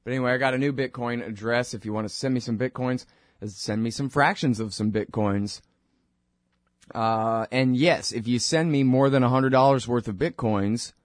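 Rambling, wry radio host. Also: male voice, medium pitch, no echo, clean studio sound. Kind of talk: casual monologue with plugs.

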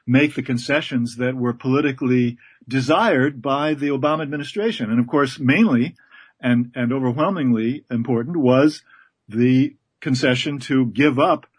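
Male author guest, thoughtful, halting delivery, mid-range voice. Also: medium pitch, husky. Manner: measured, hesitant, fills with uh. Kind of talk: interview answers.

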